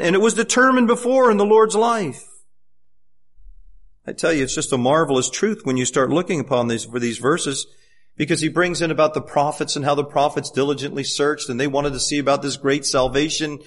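A man preaching a sermon as pastor, swinging from fervent, rising appeals to hushed, intimate passages, and repeating words when he gets fired up. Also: on the high side.

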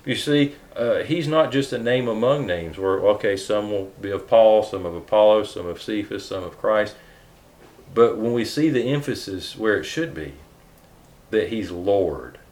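A man's voice: on the low side, moderate pace, darkish tone. A man preaching a sermon, reading scripture aloud with earnest emphasis and some hesitant restarts.

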